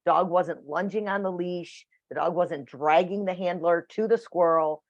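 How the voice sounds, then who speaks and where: A woman's voice: on the low side, a little slow, no room sound. A woman teaching a dog training class over a video call, chatty and matter-of-fact. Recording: dull dry video call audio.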